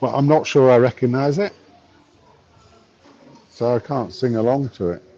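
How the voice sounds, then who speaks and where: A man in his fifties live streams on his phone from a bar while drinking a pint, chatting wryly and reading chat messages aloud. His voice is medium-pitched and mellow at a moderate pace, with the highs cut off.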